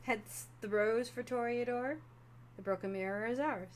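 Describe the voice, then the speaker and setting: Female game master, lively tabletop narration, slight background hum. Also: on the high side, normal speed.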